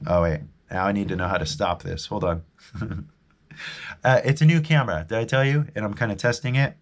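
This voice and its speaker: Fairly quick and lowish in pitch, a Californian-accented American man who teaches English chats loosely with viewers during a live stream. He keeps rambling and restarting sentences before signing off warmly.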